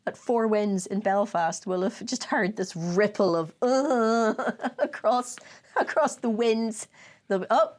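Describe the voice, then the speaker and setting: A woman's voice: medium pitch, unhurried, a little mellow. A Northern Irish woman co-hosting a podcast, chatting casually, laughing often and swearing as she acts out what people said. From Northern Ireland. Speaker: podcast co-host. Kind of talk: casual chat.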